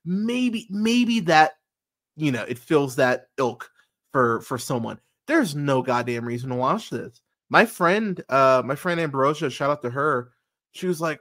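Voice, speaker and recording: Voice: mid-range voice, sing-song, measured pace, a bit bright. A movie podcast host giving a casual review as a rambling, profane rant full of fillers and restarts.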